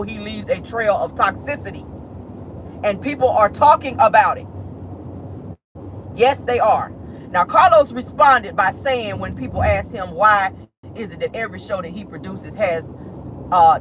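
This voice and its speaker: A woman's voice: medium pitch, fairly bright tone. A sassy woman dishes celebrity gossip while sitting in her car, her voice swinging up and down with lots of expression. She keeps calling her listeners honey and child. Faint street noise hums behind her. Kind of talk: casual gossip commentary. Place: inside a car.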